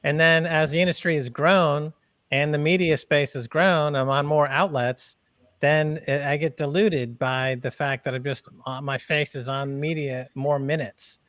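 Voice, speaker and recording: A man hosting a panel talk, ranting in a bombastic way and often breaking into shouts. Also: on the high side, fairly even intonation, measured pace, dry recording. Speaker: host.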